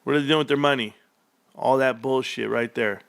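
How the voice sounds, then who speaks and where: A male livestream host reacting excitedly to an earnings report, reading figures aloud and bursting into shouts. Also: medium pitch, brisk, gravelly, smooth, no echo. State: out of breath.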